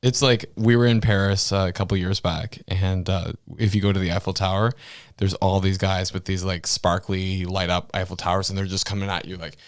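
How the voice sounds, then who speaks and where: A man's voice: low voice, flat delivery, brisk, dry recording, studio quality. A Canadian man co-hosting a podcast in casual political chat, incredulous, laughing, full of "like". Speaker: podcast co-host.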